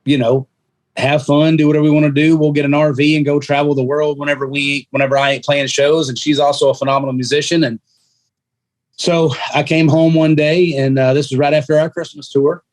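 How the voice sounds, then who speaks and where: Animated storytelling man on a podcast. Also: fairly high pitch, brisk. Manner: animated, acts out quoted voices. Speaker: podcast guest. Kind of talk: casual storytelling.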